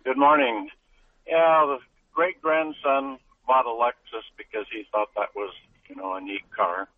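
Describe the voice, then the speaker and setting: A man's voice: medium pitch, steady tone, a little slow. Older male caller on a tinny phone line. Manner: rambling, homespun. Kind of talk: phone-in question.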